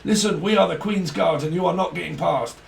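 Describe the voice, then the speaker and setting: A man voicing a cocky young brawler who is spoiling for a fight, loud and taunting. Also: sits high, brisk, creaky, far from the mic, voice pushed up. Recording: echoey room, off-mic, faint hiss.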